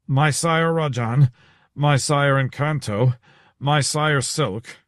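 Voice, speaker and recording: A man's voice: medium pitch, big pitch swings, measured pace, a bit bright, no room sound, clean studio sound, exaggerated voice. A man reading an audiobook, voicing a portly, breathless older innkeeper who gasps and speaks in inverted word order. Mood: gasping. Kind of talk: audiobook character voice.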